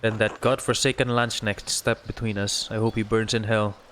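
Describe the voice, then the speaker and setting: A man's voice: fairly low pitch, flat delivery, normal speed, fairly bright tone, slight background noise, lightly acted. Man reading as a grieving old father.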